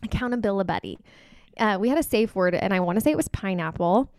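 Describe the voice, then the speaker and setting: Woman, smooth clear voice, podcast host, candid storytelling, dry close sound. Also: medium pitch, animated, fast, no echo. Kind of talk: casual podcast conversation.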